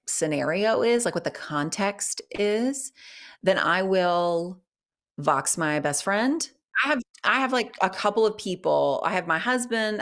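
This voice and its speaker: A middle-aged woman, a guest author, chatting in an interview, lively and thinking out loud with many fillers and restarts. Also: on the low side. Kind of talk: casual interview chat.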